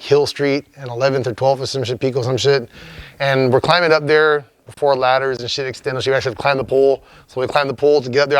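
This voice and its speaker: A young man from Los Angeles, a graffiti writer, telling a story in an interview in a rambling, profane, animated way. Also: mid-range voice, no echo.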